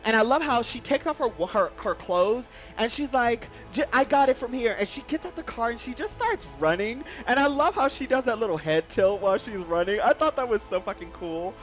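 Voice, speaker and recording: A man's voice: extremely high pitch, animated, brisk, few pauses, fairly bright tone, faint music behind. A man giving a casual spoiler review of a film, effusive and gushing, repeating how much he loves each scene and acting out quoted lines. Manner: acts out quoted movie lines. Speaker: YouTube movie reviewer.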